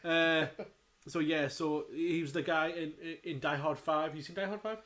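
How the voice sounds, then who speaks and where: A man with a slightly higher voice co-hosts a podcast. He talks casually and quickly, and keeps cracking jokes. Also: steady tone, a bit bright. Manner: chatty, jokey, quick asides. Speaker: podcast co-host. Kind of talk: casual chat.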